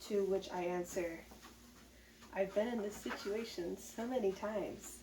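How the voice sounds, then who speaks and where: A woman's voice: medium pitch, steady tone, moderate pace, warm tone, slight background noise. A woman talking candidly to the camera in a casual vlog, chatty and upbeat about a hard time. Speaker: vlogger. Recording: echoey room from some distance, faint ambience.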